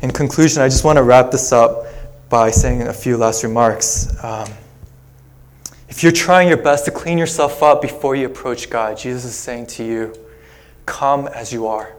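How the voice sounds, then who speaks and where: Male pastor with a middle-pitched voice, telling a story in a relaxed, chatty sermon. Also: normal speed. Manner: conversational storytelling with casual asides.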